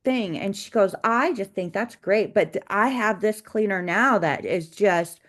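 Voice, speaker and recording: A woman co-hosting a casual business podcast, telling work stories in a chatty, meandering way. She restarts her sentences often and keeps a steady, mid-range pitch. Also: measured pace. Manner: chatty storytelling with frequent restarts and laughs. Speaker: cleaning business owner, co-host.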